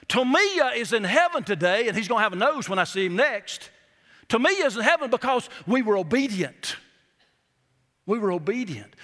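Man, middle-aged pastor, folksy sermon, emphatic slowed phrases, high-pitched, reverberant church hall. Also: sharp tone. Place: church sanctuary.

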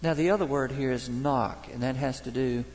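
A Baptist pastor preaching a sermon, telling folksy, humorous stories from daily life. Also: male voice, medium pitch, steady tone, moderate pace, a little mellow. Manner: folksy storytelling, homespun humor. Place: church sanctuary. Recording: long reverb of a church hall.

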